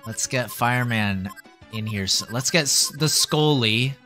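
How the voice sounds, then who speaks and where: A young man giving excitable live commentary as a streamer, yelping and groaning at the game. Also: medium pitch, unhurried, soft background music. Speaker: VTuber streamer.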